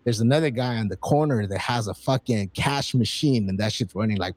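A man in his forties telling stories in casual, profane chat, acting out quoted lines with excitement. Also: on the low side, fast, few pauses, no echo. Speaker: podcast guest.

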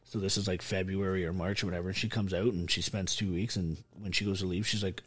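A man telling stories in a casual chat, animated and heavy on swearing. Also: low-pitched, quick pace, hardly any pauses, husky. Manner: profane, animated storytelling. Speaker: podcast guest.

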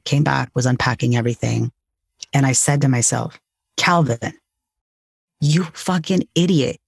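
Gravelly, husky-voiced man talking candidly. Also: medium pitch, dry recording, studio quality. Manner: candid, earnest, casual with mild swearing. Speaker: podcast guest. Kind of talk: reflective conversation.

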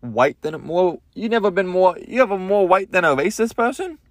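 A man's voice: high voice, expressive, moderate pace, dry recording. Crude rambling man, dry close mic. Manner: crude, rambling rant with lots of swearing. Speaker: podcast host. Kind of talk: comedic monologue.

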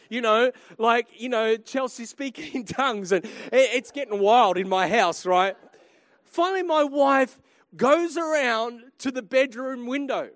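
A man preaching a sermon, telling a humorous family story with lively swings between quiet and loud. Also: very high-pitched, dry recording. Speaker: pastor.

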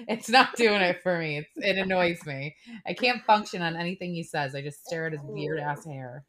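A woman's voice: on the low side, moderate pace, a bit bright, a little hiss or hum. A young woman co-hosting a casual podcast, playful and teasing, often giggling. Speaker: podcast co-host. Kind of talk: casual chat.

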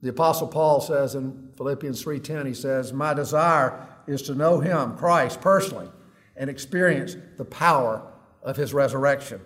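A man earnestly preaches a sermon at a normal speed, reading long quotes aloud like a story. On heavy words, his voice drops low and quiet.

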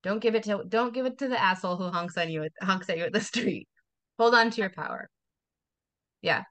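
A woman's voice: mid-range voice, brisk, fairly bright tone. A woman in her forties, a wellness coach talking as a guest in a casual podcast interview, emphatic and motivational, repeating phrases for effect. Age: 40s.

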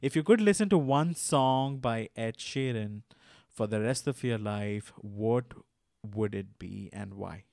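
A man hosting a podcast interview, friendly and laughing often, with halting restarts as he asks his questions. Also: fairly low pitch, vocal fry, darkish tone, dry recording, clean studio sound. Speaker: podcast host.

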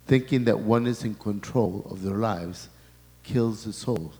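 Halting male priest in an echoing hall. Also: fairly low pitch, mellow. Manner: halting, restarts and repeats words, relays quoted messages. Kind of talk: sermon talk.

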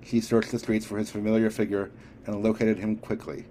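A man with a low voice reads a superhero story aloud in a steady, measured way, now and then tripping over a word. A faint hiss of background noise runs under the recording. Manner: steady, measured, occasional slips. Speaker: audiobook reader. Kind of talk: audiobook narration.

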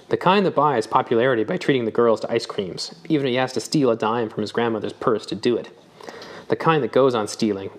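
A man reading the part of a wry, thoughtful older man who lectures gently. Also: medium pitch, lightly acted.

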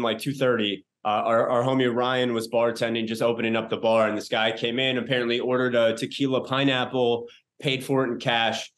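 A man in his thirties hosting a podcast, talking loosely with lots of fillers and casual swearing. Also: medium pitch. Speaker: podcast host. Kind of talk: casual chat.

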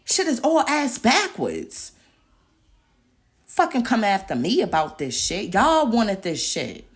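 Furious young woman ranting, pitch swinging wildly. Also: huge pitch swings, slow pace. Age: young adult. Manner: heated, profane and confrontational, with repeated rhetorical questions. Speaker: podcast host. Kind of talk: angry podcast rant.

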